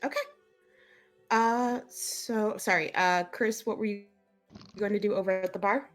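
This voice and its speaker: A woman narrating as game master of a tabletop game in a relaxed, loose way with fillers. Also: medium pitch, unhurried, faint music behind.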